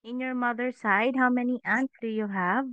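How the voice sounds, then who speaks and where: A woman's voice: fairly high pitch, steady tone, normal speed, clean tone, no room sound. Woman teacher over thin phone-like audio. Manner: patient, asks questions, says "okay" often. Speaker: English teacher. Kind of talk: online class teaching children. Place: online class over a video call. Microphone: video call microphone.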